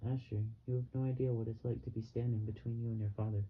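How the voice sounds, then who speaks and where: A man reading the lines of a gentle mother pleading with her son in an audiobook. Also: medium pitch, level tone, quick pace, close to an everyday voice. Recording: dull, slightly muffled with faint hiss.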